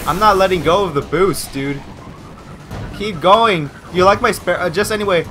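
A young man hosting a gaming channel, giving excitable live commentary with yelps and repeated cries of no. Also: high voice, normal speed, faint music behind.

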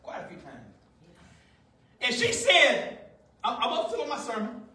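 A man pastor preaching a Pentecostal sermon, shouting with passion and dropping to hushed storytelling. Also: extremely high pitch, huge pitch swings, unhurried, a little hiss or hum. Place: church sanctuary. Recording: very echoey room, distant mic.

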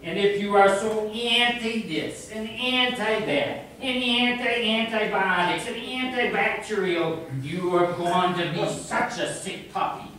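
A man's voice: sits high, a little slow, few pauses, pushed and bright, slight background noise, voice pushed up. A man voicing a sardonic disembodied cosmic voice that scolds emphatically, recorded from far off in an echoey room. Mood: scolding.

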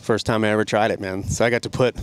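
A middle-aged man, a podcast guest, telling an animated story about riding. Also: fairly low pitch, fast talker, clean tone. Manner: animated, excited storytelling with laughs. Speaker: podcast guest, snowmobile rider. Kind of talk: casual storytelling.

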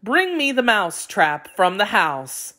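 Gentle fairy godmother, as a woman reads her. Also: medium pitch, sing-song, slow, heavily acted. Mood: kind. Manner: gentle, soft-spoken. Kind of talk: storybook read-aloud.

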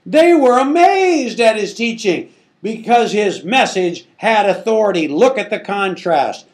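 A man's voice: high-pitched, lively intonation, a little slow. A man teaching the Bible in a sermon, with an emphatic, conversational delivery full of rhetorical questions.

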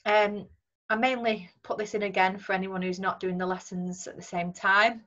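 A woman teacher with a Northern English accent, talking students through a recorded lesson in a clear, patient way with frequent ums. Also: mid-range voice, little pitch movement, normal speed, a bit bright, lo-fi sound. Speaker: secondary school English teacher. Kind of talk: recorded remote lesson talk over slides.

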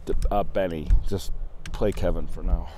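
A man's voice: low voice, fairly even intonation, moderate pace, noisy background. A young man chatting casually in a voice channel, rambling, swearing and getting sidetracked. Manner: rambling, profane, easily sidetracked. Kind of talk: casual voice chat. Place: at a computer in a voice channel.

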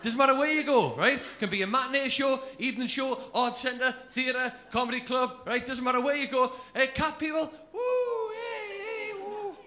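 A man doing live stand-up, brash and sweary, telling stories quickly. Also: very high voice, noisy background. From England. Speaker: stand-up comedian. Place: comedy club stage with laughing audience.

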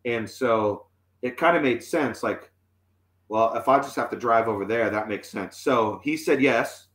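Here the musician, a man in his forties, has a medium-pitched, fairly bright voice and talks a little slowly. His long, casual story wanders with lots of fillers and restarts, captured in an echoey room.

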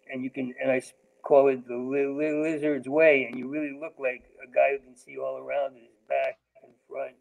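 A male comedian with a gravelly, fry-edged voice. He tumbles through a manic, rambling riff and stammers over sounds and whole words as he leaps from one idea to the next. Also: mid-range voice, darkish tone, rough recording. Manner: manic, jumps between topics. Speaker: comedian guest. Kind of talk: rambling stream-of-consciousness comedy riffs.

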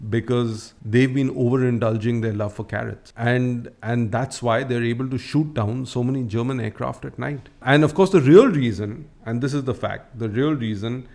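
A man's voice: mid-range voice, steady tone, moderate pace, gravelly, hardly any pauses, darkish tone. A man hosting a podcast, telling a history story in a chatty, casual way with frequent restarts and asides. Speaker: podcast host.

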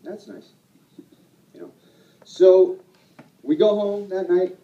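A man's voice: high-pitched, slow pace, reverberant, recorded from a distance, highs cut off. A man telling a personal story to an audience at an event, self-deprecating and rambling, laughing often. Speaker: speaker at a sales event.

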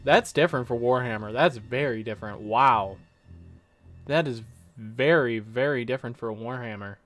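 This is casual live reaction commentary on a game showcase from a drowsy, yawning man with a mid-range, fairly bright voice. Soft music plays underneath as he thinks aloud slowly, trailing off and picking his sentences back up.

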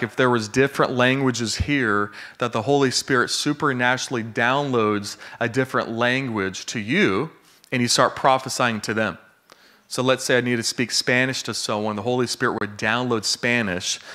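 A man preaching a sermon in a casual, conversational way, telling a story and often asking "okay?" and "you know?" along the way. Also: mid-range voice. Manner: casual and conversational, with many fillers and tag questions; gets excited and laughs while joking.

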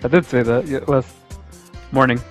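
A young man chatting casually over a headset while gaming with friends, joking, excitable and swearing often. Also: mid-range voice, normal speed, faint music behind. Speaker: gamer.

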